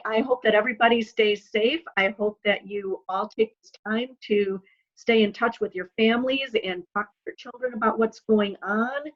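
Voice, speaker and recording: A woman's voice: on the high side, muffled recording. A woman hosting a library talk and wrapping up an interview with thanks to her guest. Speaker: host. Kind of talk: closing an interview.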